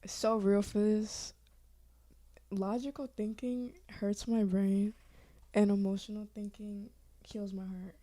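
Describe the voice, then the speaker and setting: A woman's voice: mid-range voice, flat delivery, takes it slowly, warm tone, no room sound. Playful young woman. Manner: playful, jokey. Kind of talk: casual chat.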